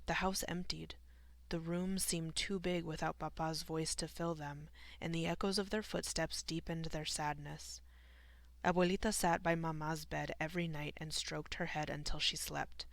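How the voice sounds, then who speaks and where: A woman narrating an audiobook in a measured, sombre storytelling manner. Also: low voice, steady tone, no room sound. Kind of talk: scripted narration.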